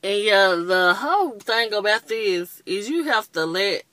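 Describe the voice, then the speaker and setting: A woman's voice: mid-range voice, lively intonation, a little slow, pushed and bright, dry recording. A woman in her twenties giving a casual, rambling makeup review, openly annoyed and chatty. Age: 20s. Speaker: beauty vlogger.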